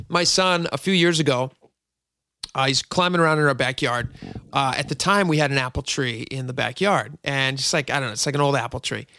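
A man's voice: medium pitch, gravelly, sharp tone, no echo, clean studio sound. A middle-aged man hosting a radio show, telling a long rambling story with many asides. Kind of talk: casual talk radio monologue.

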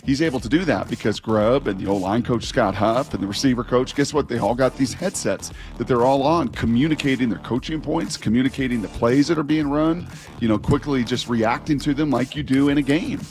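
A man in his forties co-hosting sports talk radio, drifting through stories with lots of false starts and restarts. His voice sits at an everyday middle pitch. Faint music plays underneath. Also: fairly quick, darkish tone. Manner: rambling, self-interrupting, storytelling with restarts. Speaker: sports radio co-host, former quarterback.

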